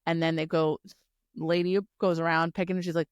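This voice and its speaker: A woman with a fairly low voice co-hosts a casual book-club podcast, retelling the story in an animated, swear-laced way. The recording is dry and close, with no room sound. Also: a little fast, smooth, dry recording. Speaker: podcast co-host.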